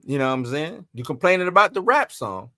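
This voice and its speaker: Brief: lively male commentary host, high-pitched and animated. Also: a little fast, no echo, clean studio sound. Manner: animated, emphatic, rhetorical questions. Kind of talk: entertainment news commentary.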